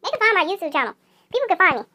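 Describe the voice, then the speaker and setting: High-pitched chatty female gaming YouTuber. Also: sing-song, racing, bright, forceful tone. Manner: chatty and repetitive, talks straight to viewers. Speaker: mobile game YouTuber. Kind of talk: casual gameplay chat.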